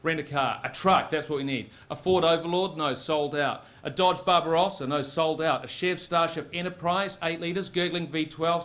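A man's voice: fairly high pitch, a bit bright. Wry New man telling a story. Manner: wry, punchy delivery in second person. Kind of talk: live spoken-word storytelling. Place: live stage.

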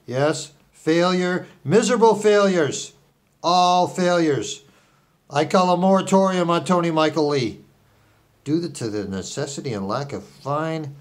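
A man putting on the voice of a grandiose, scheming billionaire tycoon in a comic impression, swinging from low mutters to yelling.

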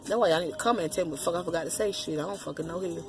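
A woman vlogger ranting casually to her viewers, profane, loud and rambling. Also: on the low side, rapid-fire, noisy background. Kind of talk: casual rant to the camera.

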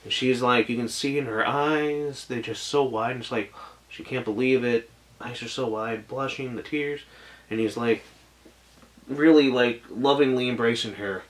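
A man's voice: mid-range voice, normal speed. A man giving a casual video review of an anime, gushing and rambling with lots of "like" and "oh my gosh", and getting choked up at times.

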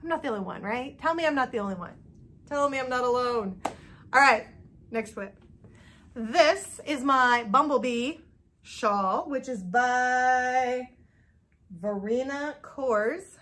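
A woman's voice: high-pitched, animated, takes it slowly, fairly bright tone, a little hiss or hum. A woman hosting a knitting video, chatting casually and nervously to camera with lots of fillers. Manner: chatty and self-doubting, many fillers. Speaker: knitting podcast host.

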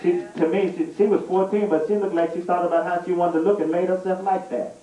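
A man tells a comic story from the pulpit, animated and laughing as he goes. His voice sits high. It is recorded in an echoey church from some distance off the mic. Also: fast, muffled recording. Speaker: preacher. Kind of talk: storytelling sermon. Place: church sanctuary.

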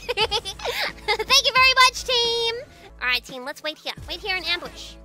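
A woman streamer giving excitable, giggly commentary over her own gameplay, mocking herself and calling out to her teammates. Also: very high voice, measured pace. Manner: self-mocking, frequent laughter. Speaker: video game streamer. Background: game music.

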